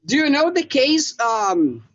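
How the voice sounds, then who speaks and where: A man from Brazil with a Brazilian Portuguese accent, a guest blacksmith chatting casually over a call, halting as he searches for words in a language that is not his first. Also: extremely high pitch, huge pitch swings, fairly bright tone. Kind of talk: casual video call chat. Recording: muffled call audio.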